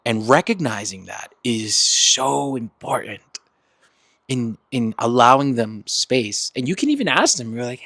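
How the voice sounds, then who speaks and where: A man hosting a self-help podcast in a casual monologue, animated and laughing often as he acts out quoted friends. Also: medium pitch, unhurried, gravelly, no room sound. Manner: laughs often between points. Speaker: podcast host.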